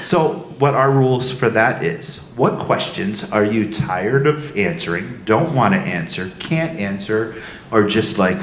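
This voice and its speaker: Male con moderator, jittery and starstruck, lively swooping pitch, echoey hall with noise. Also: unhurried. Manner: nervous, gushing, laughing. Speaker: panel moderator. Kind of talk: excited live panel hosting. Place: convention hall stage.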